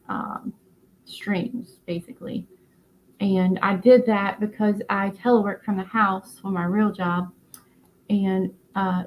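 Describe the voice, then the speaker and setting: Her voice sits in the middle range as she hosts a relaxed craft live stream, a worn-out North Carolina woman whose explanations wander with halting words and fillers. The sound comes across dull.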